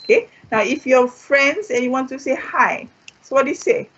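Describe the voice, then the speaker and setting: A woman's voice: high voice, normal speed, fairly bright tone, breathy edge. A Malaysian woman teaching a live online French lesson. She repeats each word and keeps checking in with "okay?", and now and then slips into Malay. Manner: drills words by repeating them, checks in with "okay?". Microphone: streamed live online. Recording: dull lo-fi stream audio.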